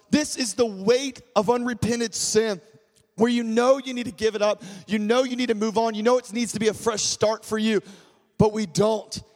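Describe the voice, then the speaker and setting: A high-voiced pastor delivers an emphatic sermon, repeating key lines and alternating between loud and quiet, hushed passages.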